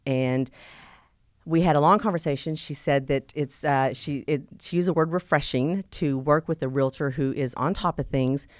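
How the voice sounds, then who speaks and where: A woman on a podcast as a real estate agent guest, chatty and animated, with many fillers and restarts. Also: deep voice, moderate pace, dry recording, clean studio sound. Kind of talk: casual podcast chat.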